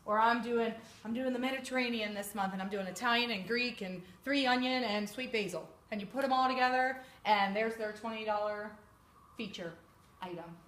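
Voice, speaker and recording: A woman giving a chatty, animated sales training talk to a live group, sometimes acting out customers' voices. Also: mid-range voice. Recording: echoey room with background noise.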